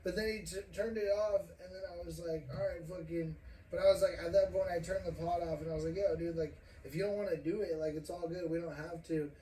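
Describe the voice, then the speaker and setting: Hosting a casual podcast, a young man rambles through a story, swearing and laughing often. His high voice is warm and steady, with a quick pace. The sound is roomy from a distant mic, with faint noise.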